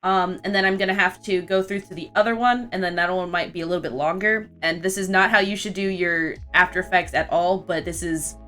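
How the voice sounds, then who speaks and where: A woman's voice: fairly low pitch, fairly even intonation, a little fast, hardly any pauses, a bit bright. A young woman chatting casually on a live art stream, rambling with frequent restarts.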